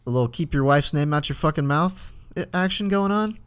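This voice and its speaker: Brisk and clear, his slightly high voice has a resonant tone. The twentysomething podcast co-host rambles through an extended story in easygoing conversation, restarting repeatedly and getting lively as he quotes himself.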